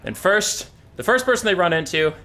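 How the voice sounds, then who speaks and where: A man streaming a strategy game who tells a jokey, animated story and then runs through the armies. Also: high voice, moderate pace.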